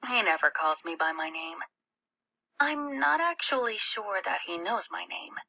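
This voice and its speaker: Woman audiobook reader, unhurried storytelling delivery, bright, husky tone. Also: on the low side, animated. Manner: slow, careful storytelling. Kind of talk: reading a novel aloud.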